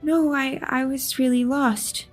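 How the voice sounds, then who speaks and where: A woman's voice: sits high, steady tone, unhurried, faint music behind. A woman voicing a timid, hesitant little girl. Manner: hesitant, soft-spoken.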